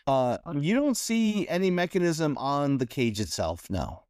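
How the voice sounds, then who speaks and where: A man's voice: fairly high pitch, very animated, darkish tone, clean tone, no room sound. Guy running a tabletop game, stop-start describing, dry close sound. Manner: halting, many fillers and restarts while describing. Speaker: game master.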